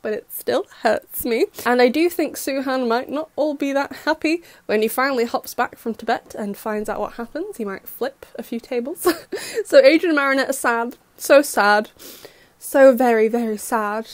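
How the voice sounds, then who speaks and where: A young woman recapping a cartoon episode in a gushing, excitable fangirl way. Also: on the high side, moderate pace, dry recording. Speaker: fan reaction host.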